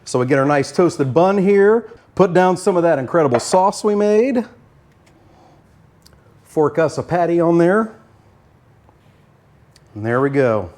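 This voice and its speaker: A man's voice: fairly high pitch, expressive, measured pace, long pauses, darkish tone. An older man hosting a home cooking show, talking casually and folksily with frequent filler words.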